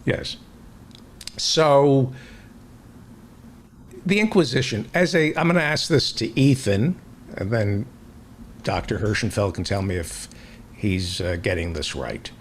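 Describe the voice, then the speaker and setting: A man's voice: on the low side, slow, pauses often, a little hiss or hum. A male host in casual chat, asking rambling questions with many restarts.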